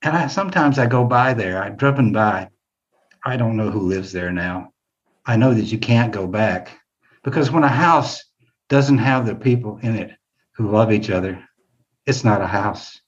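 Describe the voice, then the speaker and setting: Older man telling a personal story, halting. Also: on the low side, animated, lo-fi sound. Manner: halting, repeats words when moved.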